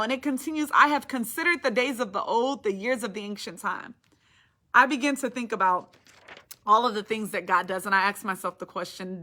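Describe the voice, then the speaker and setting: A woman's voice: mid-range voice, a little fast, bright, forceful tone. A woman giving a devotional Bible teaching, reading scripture aloud and preaching on it with rising passion. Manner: impassioned, rising to emphatic declarations.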